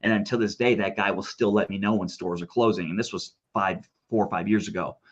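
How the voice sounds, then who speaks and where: Guy talking fast and low, rambly excited storytelling, kinda muffled lo-fi audio. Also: slightly rough. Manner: rambling, animated storytelling with quoted dialogue. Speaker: guest. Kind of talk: casual interview talk.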